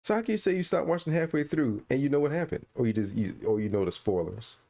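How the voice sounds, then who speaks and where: Fast and creaky, with a mid-range voice, this podcast co-host chats casually, launching into an animated, disbelieving rant punctuated by laughs.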